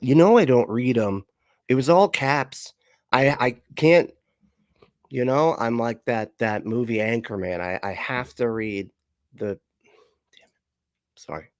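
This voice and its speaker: A man's voice: medium pitch, slow pace, pauses often, a little mellow, no echo, studio quality. A man streaming casually, reading chat comments aloud, rambling with frequent laughs and swearing. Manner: rambling, laughs often, profane asides.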